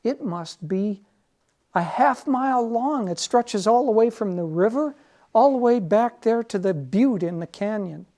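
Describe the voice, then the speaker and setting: An ordinary fellow gushes about what he sees on the screen, as a man puts him on mid-talk. The voice lifts noticeably in pitch and gets louder and more marveling. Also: animated, measured pace. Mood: amazed. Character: excited regular guy absorbed in a TV western.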